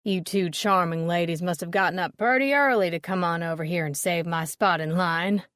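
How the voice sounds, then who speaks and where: A woman voicing a portly, pompous older man, a leering collector who talks in a loud, brassy drawl. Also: lowish voice, moderate pace, dry recording, clean studio sound, lightly acted. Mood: brash, leering. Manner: boastful, overfamiliar. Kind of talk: audiobook character reading.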